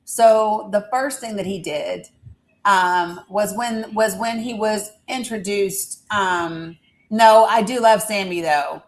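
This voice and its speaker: A woman's voice: mid-range voice, slow, rough recording. Chatty woman streaming live. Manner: chatty, rambling, laughs with her chat. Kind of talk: casual live stream chat.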